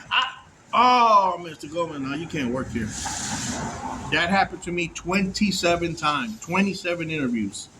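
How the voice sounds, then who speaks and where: Animated, profane man telling a story. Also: fairly high pitch, a little hiss or hum. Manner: animated, profane, acts out other voices. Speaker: storyteller recounting prison release. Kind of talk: casual storytelling to camera.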